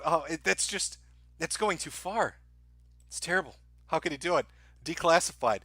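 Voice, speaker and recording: A man's voice: fairly high pitch, animated, normal speed, pauses often, pushed and bright, no room sound, studio quality. A man hosting a live stream, ranting sarcastically and profanely to his chat, often breaking into laughter.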